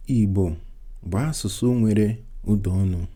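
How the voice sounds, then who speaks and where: A man teaching a beginner language lesson, speaking slowly and deliberately and repeating each line in two languages. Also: lowish voice, warm tone. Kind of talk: slow bilingual language lesson.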